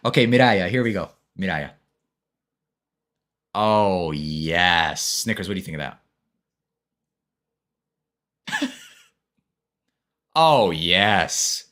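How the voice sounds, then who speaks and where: A man's voice: on the low side, very animated, a little slow, pauses often, fairly bright tone. Laid-back man reviewing on a live stream. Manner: laid-back, talks to chat as bro and brother.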